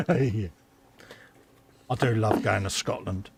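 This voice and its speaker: Co-hosting a live hobby stream, a middle-aged man chats casually while building models, reading viewer comments between brief replies. He's easygoing and agreeable, with a lowish, gravelly voice and slow pace, heard over heavy background noise.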